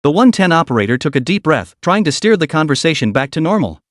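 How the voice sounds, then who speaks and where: Expressive male story narrator. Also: on the high side, fast, no echo, clean studio sound. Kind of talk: scripted narration.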